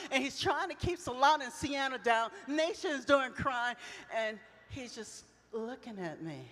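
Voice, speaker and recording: A middle-aged woman preaching at a women's retreat, telling personal stories with passion, swinging between loud outcries and soft reflective lines. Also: sits high, lively intonation, moderate pace, a little hiss or hum. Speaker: retreat speaker. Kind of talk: emotional sermon with personal storytelling. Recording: long reverb of a large hall.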